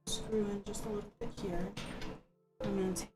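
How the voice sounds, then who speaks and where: A woman's voice: mid-range voice, flat delivery, moderate pace. A young woman chatting while she builds her first computer on stream, goofy and a little loopy, self-mocking, a bit far from the microphone. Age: young adult. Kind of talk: casual livestream chat. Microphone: microphone across the room, sounds distant. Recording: music playing behind.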